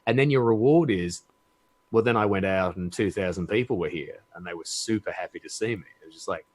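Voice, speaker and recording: A man's voice: sits low, brisk. A man with an Australian accent, chatting enthusiastically as a guest and swearing freely. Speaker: guest comedian. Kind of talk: casual chat.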